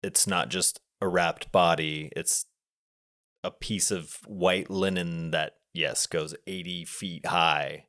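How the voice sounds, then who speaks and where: A young man co-hosting a casual movie podcast, describing shots in long, relaxed run-on sentences. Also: deep voice, slow. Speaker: podcast co-host. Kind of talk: casual movie review chat.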